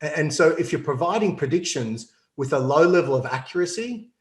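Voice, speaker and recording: A man's voice: a little high, animated, brisk, echoey room. Man, confident business explainer. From Australia. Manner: confident, explanatory, laughs often. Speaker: CEO guest. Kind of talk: business interview.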